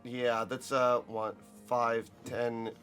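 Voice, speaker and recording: Dude playing dnd, slow talker, laughs a lot, yells sometimes, music behind. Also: male voice, medium pitch. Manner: animated, laughing, jumps to loud outbursts. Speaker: player. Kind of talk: playing a tabletop game.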